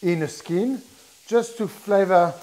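A man's voice: high voice, slow, darkish tone, poor audio. A middle-aged man with a French accent, a chef giving a chatty live cooking demo and explaining step by step with many restarts. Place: kitchen with food sizzling. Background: frying sizzle.

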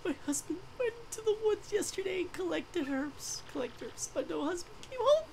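A woman's voice: very high voice, sing-song, normal speed, creaky, a little mellow, slight background noise, voice pushed up, exaggerated voice. A woman voicing a distraught young shopkeeper woman who sobs and quavers as she speaks. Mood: sobbing. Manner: tearful, quavering and breathless.

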